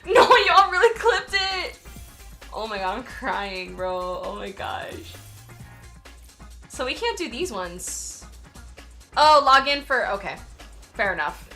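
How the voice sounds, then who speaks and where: A woman's voice: on the high side, very animated, slow pace, long pauses, pushed and bright. Giggly young woman streaming, chatty and apologetic, voice bounces all over, faint music in the back. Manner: giggly, apologetic, reads chat aloud. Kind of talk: casual live-stream chat with viewers.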